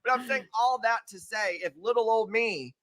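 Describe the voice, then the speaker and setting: A man chatting casually as a podcast guest, telling stories with lots of fillers, restarts and animated asides. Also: extremely high pitch, normal speed, a crowd in the background. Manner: rambling, animated storytelling with many fillers and restarts. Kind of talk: casual chat.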